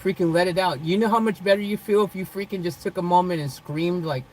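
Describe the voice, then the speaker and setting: A woman's voice: on the low side, quick pace, darkish tone, slight background noise, poor audio. A woman vlogging live from her car, chatting loosely with viewers by name, laughing often and rambling. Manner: loose, rambling, says "freaking" a lot. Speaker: vlogger reading live chat. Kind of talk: casual live-stream chat. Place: parked car.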